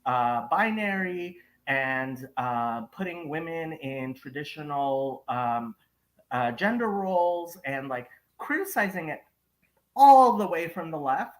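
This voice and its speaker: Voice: medium pitch, slow, low-quality recording. A young adult host in casual live chat on a video call, talking animatedly with many likes and ums. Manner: animated, filler-heavy talker with likes and ums.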